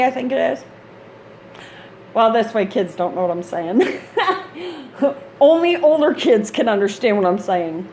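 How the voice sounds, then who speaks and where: A woman's voice: fairly high pitch, lively intonation, takes it slowly, long pauses, darkish tone, slight background noise. A woman, a mother of grown kids, chatting in a rambling, casual vlog style about gaming gear, laughing often. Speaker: gaming channel host.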